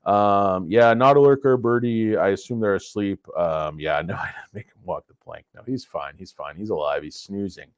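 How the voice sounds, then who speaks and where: Low-voiced man, rambling livestream host. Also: normal speed, few pauses, clear, resonant tone, no echo. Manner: rambling, jokey, chatting with viewers. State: stuffy from a head cold. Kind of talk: casual livestream commentary. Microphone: cheap lapel microphone.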